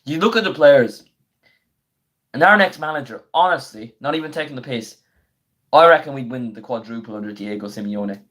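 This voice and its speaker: A young man, his voice going hoarse, chatting casually on a live football watchalong and breaking into excited play-by-play of the action. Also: medium pitch. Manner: chatty and slangy, bursts into quick excited play-by-play. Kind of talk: casual live stream chat with match commentary.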